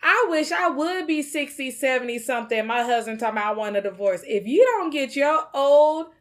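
A woman's voice: high-pitched, animated, moderate pace. A woman in casual chat, sassy, blunt and emphatic.

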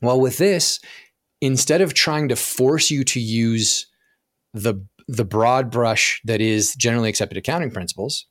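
A man's voice: mid-range voice, dry recording, clean studio sound. A man speaking as a podcast guest who explains with animation, acting out inner voices and often stumbling and restarting his sentences. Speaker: podcast guest, profit coach. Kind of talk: podcast interview conversation.

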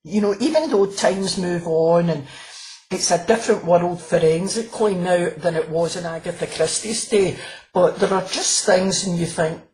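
In a low-quality recording, a woman with a lowish, darkish voice speaks at a normal speed. She's a crime author and former police officer chatting casually in an interview, frequently restarting sentences and laughing as she tells her stories.

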